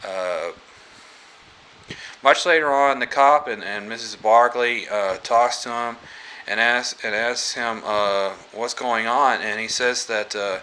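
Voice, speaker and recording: A man casually retelling a movie plot as a reviewer, halting and full of fillers and restarts. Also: mid-range voice, pushed and bright, poor audio.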